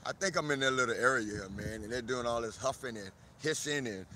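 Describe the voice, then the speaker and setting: South florida guy live streaming in a park, animated, bright punchy voice, shouting out viewers. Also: medium pitch, brisk, slight background noise. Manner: animated, greets viewers by name, laughs often. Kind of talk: casual live-stream chat. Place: outdoors in a park.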